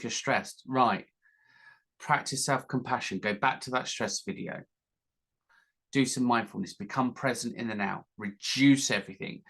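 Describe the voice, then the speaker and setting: A man's voice: medium pitch, a bit bright. A man talking through mental health tips in an informal teaching style, acting out his own inner self-talk as examples.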